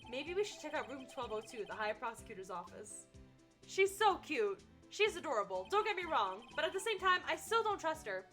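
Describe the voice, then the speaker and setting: A woman streaming a video game and chatting casually with her viewers, giggly and animated. Her voice is high and very lively, jumping all over, with soft music playing faintly behind. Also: a little fast. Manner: animated and giggly, reads chat aloud. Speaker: gaming streamer. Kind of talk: casual live-stream gaming chat.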